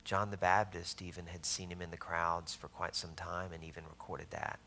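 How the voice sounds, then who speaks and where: A man with a Southern US accent preaching a sermon, telling stories with loud emphasis and hushed asides. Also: low-pitched, little pitch movement, normal speed, a little hiss or hum. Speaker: pastor.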